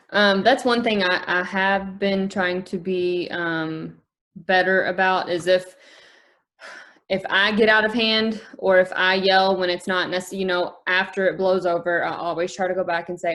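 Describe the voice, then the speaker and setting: Young mom host soft-spoken, agreeable, lots of mm-hmms. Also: female voice, lowish voice, flat delivery, a little slow. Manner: soft-spoken, agreeable, many short backchannels. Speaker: podcast host, mother. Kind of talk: casual interview chat.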